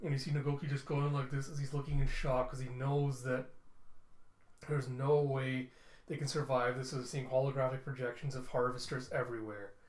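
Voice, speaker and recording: Male comic reviewer, casual animated retelling, roomy sound. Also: mid-range voice, normal speed. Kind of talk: casual comic book readthrough. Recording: echoey room.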